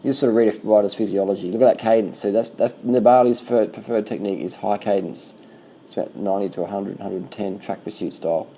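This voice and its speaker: A man casually commenting on bike race footage as a vlogger, swearing freely and talking in loose animated bursts. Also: on the low side, fast, slight background noise, poor audio.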